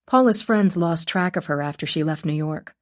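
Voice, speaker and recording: A woman's voice: low voice, normal speed, lightly acted. A woman reading an audiobook and voicing an earnest young woman who asks polite, eager questions. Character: earnest young woman asking questions about a dead neighbor.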